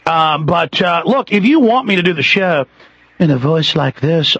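Radio host guy, husky and loud, picks fights, dry dull studio sound, bit of music under it. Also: a little high, no echo. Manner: aggressive, loud, fast-talking rants. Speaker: radio talk show host. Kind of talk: combative talk radio.

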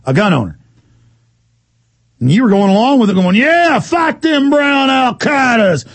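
A man hosting a call-in radio show, ranting fast and indignantly and mocking officials in put-on voices. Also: high-pitched, creaky, breathy edge, no echo. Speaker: radio talk show host.

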